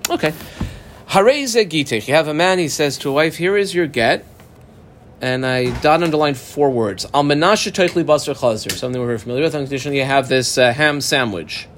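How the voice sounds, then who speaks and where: A man lectures on Talmud in a lively, conversational tone, with a voice set a little high for a man. He moves easily between plain English and the Aramaic terms of the text. A faint noise sits under the recording. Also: brisk. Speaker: Talmud teacher.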